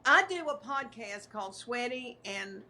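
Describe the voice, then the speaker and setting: A woman's voice: on the high side, expressive, a little slow, bright, forceful tone. A woman, a comedian telling rambling, self-deprecating stories in casual chat over a video call. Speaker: comedian guest.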